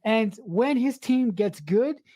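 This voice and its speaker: A woman's voice: fairly high pitch, lively intonation, takes it slowly, dark tone, dry recording. A woman co-hosting a casual movie review podcast, emphatic and blunt, restarting and swearing when she gets worked up. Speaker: podcast co-host.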